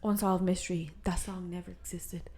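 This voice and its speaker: A woman's voice: on the low side, flat delivery, normal speed, a little mellow. A young woman co-hosting a podcast, talking in a casual, chatty, giggly way with lots of "like". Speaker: podcast co-host. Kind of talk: casual chat.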